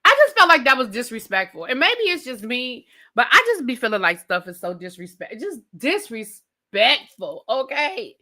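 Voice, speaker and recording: Sassy, bright-voiced woman ranting about TV. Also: high-pitched, a little fast, hardly any pauses. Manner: animated, blunt and sassy, swears freely. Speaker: TV show reviewer. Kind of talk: casual ranting commentary.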